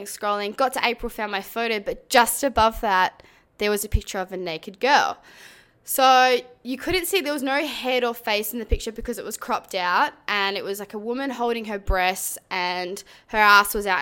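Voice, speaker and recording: A young woman telling a story in a casual, animated way, full of swearing and fillers like "like". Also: fairly high pitch, normal speed, clear, resonant tone. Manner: profane, animated, uses many fillers.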